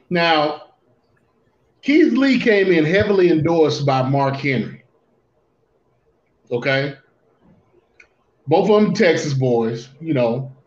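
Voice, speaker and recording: A man co-hosting a casual wrestling talk show, speaking deliberately and often restarting his phrases. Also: on the high side. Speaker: podcast co-host. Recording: roomy, dull lo-fi sound.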